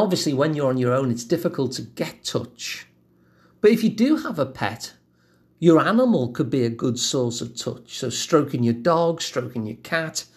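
A man giving a calm self-help lesson in a gentle, measured, reassuring way. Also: medium pitch. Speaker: wellbeing teacher.

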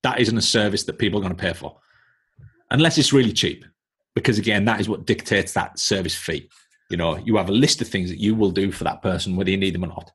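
Northern english guy, husky voice, talks quick and blunt, lecturing with examples. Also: low-pitched. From Northern England. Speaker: coaching business mentor, guest. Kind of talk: casual podcast conversation.

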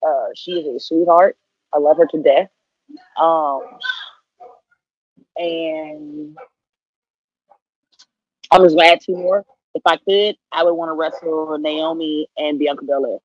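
A woman's voice: deep voice, steady tone, takes it slowly, pauses often, no echo. A woman in her thirties, a professional wrestler, chatting casually and playfully in an interview, full of slang. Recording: dull lo-fi audio.

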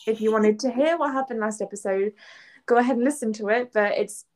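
A woman's voice: fairly high pitch, brisk. A woman from England with an English accent, co-hosting a podcast and telling stories in casual chat, acting out quotes and sound effects. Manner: animated storyteller, acts out quotes and sound effects. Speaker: podcast co-host.

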